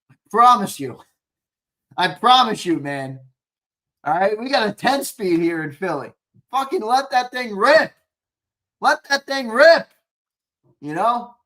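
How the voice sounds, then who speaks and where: A young man with a Philadelphia accent co-hosting a live sports show, talking excitably and swearing freely while reading viewer comments. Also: on the high side. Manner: excitable, profane, rambling, reads chat comments aloud. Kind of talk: casual live-stream sign-off chat.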